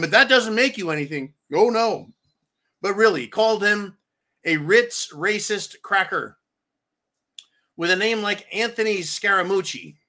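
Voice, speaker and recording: A man with a high, bright, forceful voice hosts a political commentary show, ranting sarcastically and profanely. He repeats phrases for emphasis and addresses his listeners as folks.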